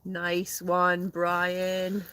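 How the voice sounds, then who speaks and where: A woman's voice: fairly low pitch, monotone, very slow, pushed and bright, a little hiss or hum. A woman chatting casually in a smoky tent on a live stream, reading out comments and laughing often. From Scotland. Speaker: guest, host's sister.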